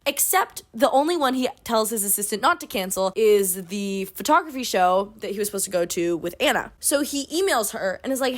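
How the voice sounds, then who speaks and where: A woman hosting a book club vlog, recapping a novel in a blunt, sarcastic, casual way and swearing freely. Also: fairly high pitch. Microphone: phone or camera mic.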